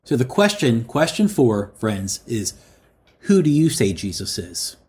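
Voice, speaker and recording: Preaching to his congregation, a man calls them friends and lingers over each quoted line, saying it again slowly to drive it home. His pitch is medium but swings widely, and his voice has a slightly mellow quality.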